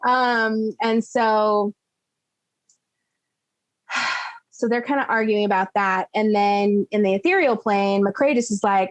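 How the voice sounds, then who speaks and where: A woman players' recap of a tabletop game, chatty and giggly, dropping into quick voices for characters. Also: a little high, no echo, rough recording.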